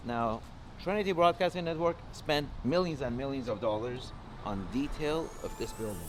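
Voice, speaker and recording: A man giving an upbeat vlog tour of his remodel, showing things off and pausing on fillers. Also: medium pitch, soft background music. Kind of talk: vlog walkthrough.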